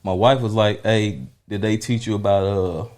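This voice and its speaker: A man's voice: on the low side, fairly even intonation, normal speed, darkish tone. A man in his thirties co-hosting a podcast, talking in loose, slangy, laughing banter. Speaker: podcast co-host. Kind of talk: casual chat.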